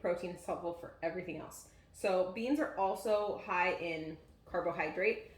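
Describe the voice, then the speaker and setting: At a moderate pace and a fairly low pitch, a woman co-hosting a laid-back cooking demonstration chats through her explanations, leaning on lots of fillers. She's in a home kitchen, recorded with echo and background noise.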